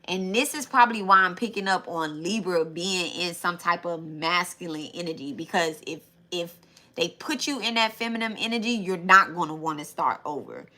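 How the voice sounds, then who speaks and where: A young adult woman talks through a live tarot stream in a loose, chatty way. Her voice sits a little low for a woman but has a bright, forceful edge. She keeps circling back and speaking directly to her viewers. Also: normal speed. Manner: chatty, repeats herself, talks straight to viewers. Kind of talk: casual live-stream chat.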